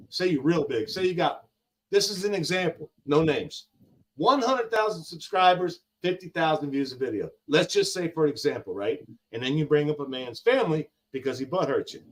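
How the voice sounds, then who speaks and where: Older man with grandkids, guest on a talk stream. Emphatic, slangy, lively pitch. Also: normal speed, slight background noise. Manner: heated, emphatic, slangy, repeats lines for effect. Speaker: guest on a live gig-driver talk show. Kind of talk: casual live-stream chat.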